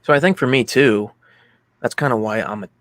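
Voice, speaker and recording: A Pennsylvania man co-hosts a casual movie chat podcast, rambling through a heartfelt story packed with fillers. His voice is medium-pitched and a little fast, recorded dry.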